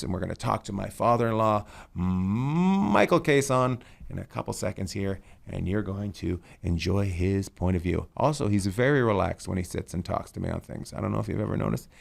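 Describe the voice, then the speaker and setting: Middle-aged male host with a gravelly voice, loose, swearing, rambling anecdotes. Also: lowish voice. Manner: rambling storyteller, swears freely. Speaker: podcast host. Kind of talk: casual comedic chat.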